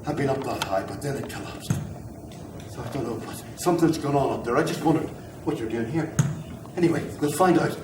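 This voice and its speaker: An actor playing a kindly fire chief who coaxes and reassures a survivor, in an amateur audio drama. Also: male voice, medium pitch, brisk, lightly acted. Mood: coaxing. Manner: coaxing, reassuring. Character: kindly take-charge male fire chief. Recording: roomy, distant mic, noisy background.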